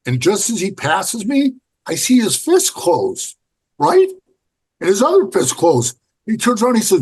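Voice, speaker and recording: A man's voice: high voice, a little slow, slightly rough. Blunt, profane man telling stories. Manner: blunt, profane, animated storyteller acting out quotes. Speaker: podcast guest, former biker club member. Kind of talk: casual storytelling interview.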